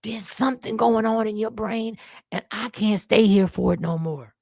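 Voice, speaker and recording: A man's voice: high-pitched, moderate pace, gravelly, a little mellow, no echo, studio quality, pitched above the performer's own voice. A man role-playing a fed-up woman who lists her grievances and scolds her partner. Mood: weary. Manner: exasperated, listing grievances.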